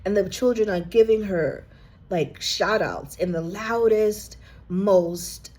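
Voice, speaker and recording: A woman's voice: mid-range voice, slow pace, a little mellow, slightly rough. A woman giving an earnest, heartfelt collective reading that speaks straight to the listener, at times moved close to tears. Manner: emotional, near tears at times. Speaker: intuitive card reader. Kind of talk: collective reading addressed to the viewer.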